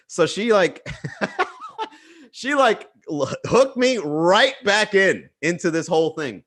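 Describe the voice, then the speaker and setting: A man's voice: sits high, huge pitch swings, slow, a bit bright. A man doing stand-up storytelling on a virtual livestream, rambling and profane, with frequent restarts and chuckles. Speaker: stand-up comedian.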